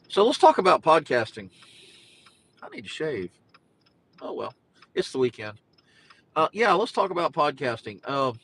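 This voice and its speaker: Recorded poorly on a phone in his car, a man with a fairly bright tone chats through a rambling live stream while driving in traffic. Faint road noise and engine rumble underlie this podcast host's jokey, meandering talk, complete with singing and animal noises.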